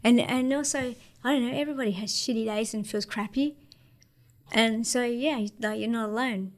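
Australian woman, 30s, interview guest; casual, slangy, higher voice. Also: moderate pace. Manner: laid-back, slangy, many fillers. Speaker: interview guest, para-surfer.

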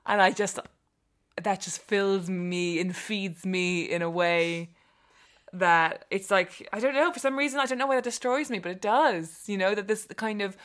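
A woman chatting enthusiastically about books as a guest, laughing often and gushing over favourites. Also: medium pitch. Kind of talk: casual chat about books.

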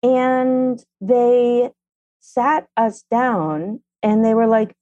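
A middle-aged mother who writes a parenting column tells a family story candidly, her speech animated, blunt, and sprinkled with casual swearing. Her voice is on the high side and very slow. The recording sounds dull and dry, with no room sound.

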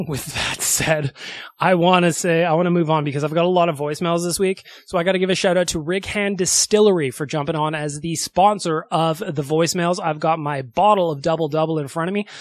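A man's voice: on the high side, steady tone, a little fast, dry recording. A man hosting a solo podcast, chatty and upbeat, laughing often. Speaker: podcast host. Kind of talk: casual solo podcast talk.

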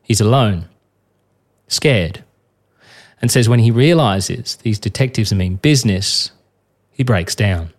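A man hosting a podcast, giving scripted narration in a measured, even delivery. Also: lowish voice. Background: soft guitar music.

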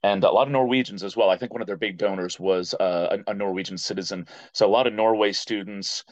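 An American man in his thirties, a podcast guest, telling stories in a casual and animated way. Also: lowish voice, fast talker, no echo. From United States. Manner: animated storyteller who acts out quoted voices. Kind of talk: casual interview storytelling. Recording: dull, dry podcast audio.

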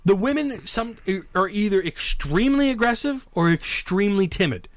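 A man's voice: sits high, moderate pace, no echo. A man telling a story in casual, profane, comedic chat as a podcast co-host. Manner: animated, profane, conversational.

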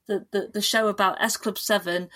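A woman guest on a podcast, chatting casually in a lively, animated way with frequent restarts. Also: medium pitch, moderate pace. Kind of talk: casual chat.

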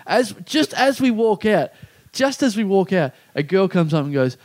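A man's voice: sits high, very animated, moderate pace, dry recording. A man co-hosting a comedy podcast, telling an anecdote and acting out other people's lines. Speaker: podcast co-host. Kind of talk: casual comedy podcast chat.

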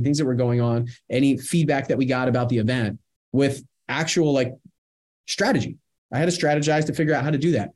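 A middle-aged man giving a motivational coaching talk, energetic and talking in bursts, often adding "right?" to his points. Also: on the high side. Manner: energetic, talks in bursts with many "right?" asides. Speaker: real estate investing coach.

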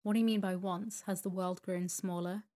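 A woman reading the lines of a skeptical, argumentative gentleman at a card table, in an insistent manner. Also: on the low side, fairly even intonation, normal speed, lightly acted. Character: argumentative gentleman clubman at whist.

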